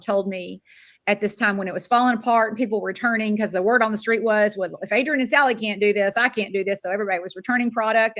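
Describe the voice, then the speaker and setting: An older woman from Florida giving a motivational speech as a sales director, acting out quoted dialogue. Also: mid-range voice. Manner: animated, acts out quoted dialogue.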